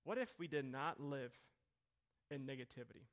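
A middle-aged man preaching a sermon to his congregation, with a conversational, questioning manner that swings between quiet and emphatic. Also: medium pitch, lively intonation, moderate pace. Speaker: pastor. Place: church hall.

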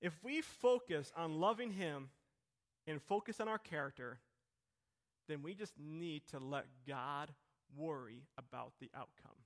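A middle-aged man preaching a sermon to his congregation, with a conversational, questioning manner that swings between quiet and emphatic. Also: on the high side, a little slow. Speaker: pastor. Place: church hall.

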